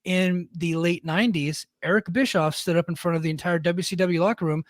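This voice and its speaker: A man's voice: high voice, fairly even intonation, brisk, no echo, studio quality. A middle-aged man co-hosting a podcast, talking bluntly in a casual, storytelling way and often tagging on "right?". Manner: blunt, storytelling, fond of "right?" tag questions. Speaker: podcast co-host; military leader.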